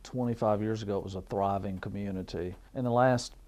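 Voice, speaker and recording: Deep, mellow man. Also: steady tone, a little fast. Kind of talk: documentary interview.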